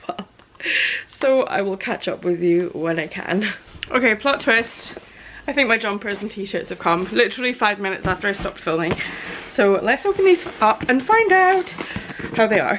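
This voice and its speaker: An excitable woman in her thirties talks through her small-business vlog in a chatty, gushing way. Her voice sits at an ordinary middle pitch, and a faint hiss runs under the recording. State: out of breath in places. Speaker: small business owner, vlogger. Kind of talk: casual vlog chat. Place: home studio office.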